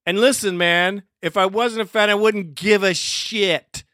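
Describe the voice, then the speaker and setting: A man rants solo as a podcast host, heated and profane. His voice sits high and bright. The sound is dry and close, with no room around it. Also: fairly even intonation, a little slow, no room sound. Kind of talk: solo ranting commentary.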